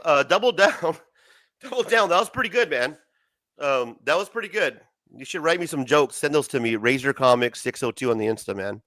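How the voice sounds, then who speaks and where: A man's voice: high voice, pushed and bright, dry recording. A man hosting a casual late-night livestream, swearing a lot and laughing often. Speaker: livestream host.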